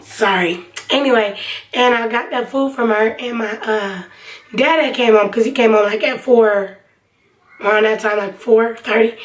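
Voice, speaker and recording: A woman's voice: fairly high pitch, far from the mic, rough recording. A young woman vlogger telling a personal story in a casual, rambling way with lots of fillers. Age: young adult. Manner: chatty, rambling, many fillers.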